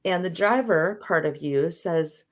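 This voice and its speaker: A woman's voice: lowish voice, a little slow. A woman guest in a casual interview, talking reflectively through an analogy and often checking in with "right?". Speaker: podcast guest.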